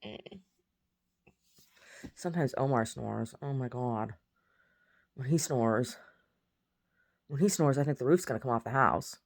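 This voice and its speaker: Rambling chatty woman with gravelly voice. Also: a bass voice, a little slow, long pauses. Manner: rambling, chatty, jumping between topics. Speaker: vlogger. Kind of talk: casual chat.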